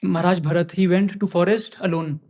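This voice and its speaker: Man, high voice, scripture class, slow chanted verses, loose casual explaining. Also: fairly even intonation, a little mellow. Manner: chanting Sanskrit verses slowly, then explaining casually with fillers. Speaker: class speaker.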